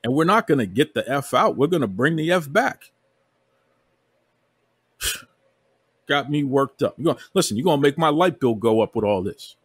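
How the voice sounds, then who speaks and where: A man's voice: medium pitch, animated, moderate pace, long pauses, breathy edge, no room sound. A man hosting a wrestling podcast, ranting with heavy emphasis and calling people out by repeating himself. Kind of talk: heated podcast rant. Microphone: remote podcast recording.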